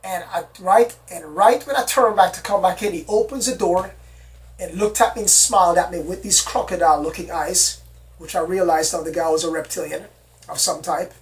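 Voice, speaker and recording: An excitable storyteller who rambles through a personal account and keeps repeating words. The voice sits at middle pitch and sounds somewhat far from the mic. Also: moderate pace. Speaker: storyteller recounting an alien encounter. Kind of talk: casual spoken storytelling.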